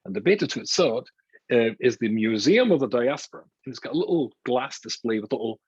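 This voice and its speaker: Older man, rabbi, informal lecture, wry asides, husky voice, lively pitch, dull dry recording. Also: brisk, no echo. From Scotland. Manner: wry, self-mocking, chatty, with many asides.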